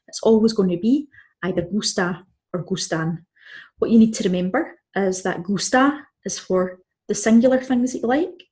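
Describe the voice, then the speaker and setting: A woman's voice: fairly low pitch, a little mellow. A Scottish woman teaching a Spanish grammar lesson, explaining patiently step by step. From Scotland. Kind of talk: online language lesson.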